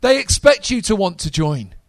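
Excitable preacher with a high voice. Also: male voice, moderate pace, no echo. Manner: energetic, talks to the audience. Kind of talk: sermon.

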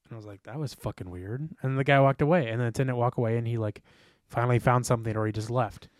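A man's voice: medium pitch, fast talker, no room sound, clean studio sound. A young man co-hosting a podcast, telling a casual, rambling story full of "like" and swearing. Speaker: podcast co-host.

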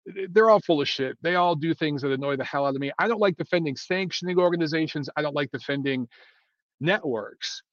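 A man's voice: a little high, brisk, no echo. A man giving blunt, rambling boxing opinions to his viewers, with many fillers and restarts. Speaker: boxing commentator. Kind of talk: casual opinion monologue. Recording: dull lo-fi dry sound.

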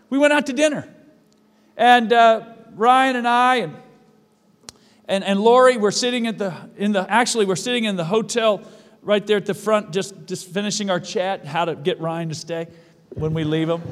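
A man's voice: sits high, normal speed, pauses often, big-room sound. A male pastor delivering a sermon in a church, emphatic and repeating his phrases for weight.

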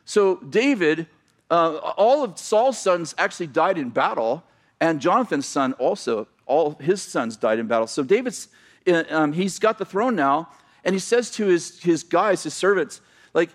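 A middle-aged man from the United States preaching a sermon to his church. His voice sits a touch higher than most men's, and he tells the story by acting out each person in it. He mixes in some self-deprecating humor. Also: expressive, a little slow. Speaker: pastor.

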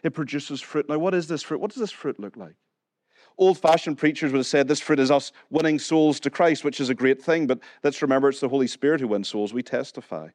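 A pastor with a Northern Irish accent preaches a sermon in a church hall, keeping it conversational, questioning the congregation and joking now and then. His voice is mid-range and darkish, he speaks briskly, and the recording is dry.

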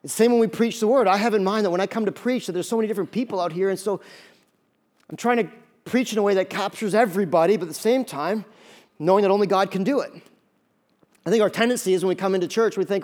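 A male pastor giving a conversational sermon with jokey asides and lively emphasis. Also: high-pitched, fast talker.

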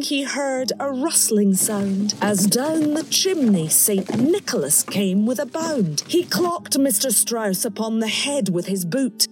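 A woman reading a macabre rhyming tale aloud, slow and deliberate, her voice swooping widely up and down for effect. Her delivery is theatrical and expressive, with soft music playing under her. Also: medium pitch. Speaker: narrator, performer.

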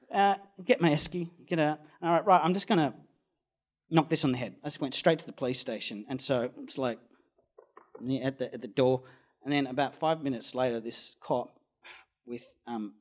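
A man with an Australian accent, a storm chaser telling a rambling anecdote in an interview. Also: mid-range voice. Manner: rambling storyteller, acts out quoted voices loudly.

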